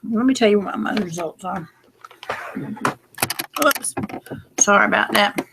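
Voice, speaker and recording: A woman's voice: medium pitch, measured pace, gravelly, background noise. Sleepy woman rambling late at night. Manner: rambling, folksy, drowsy and soft-spoken. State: sleepy and close to tears. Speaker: lottery number vlogger. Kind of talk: late-night casual vlog monologue.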